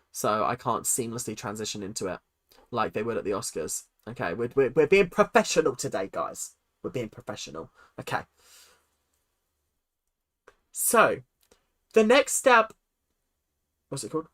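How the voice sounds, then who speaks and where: A young woman with a British accent hosts a live stream, her low voice swooping up and down as she reacts with dramatic flair. She chats casually with viewers between segments. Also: animated, a little fast. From United Kingdom. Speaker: streamer hosting a live awards show.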